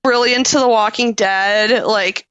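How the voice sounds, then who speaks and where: Bright-voiced chatty woman guest. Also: on the high side, steady tone, unhurried, smooth, no room sound, dull audio. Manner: chatty, rambling with fillers. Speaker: caller guest. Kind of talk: casual chat on a call-in podcast.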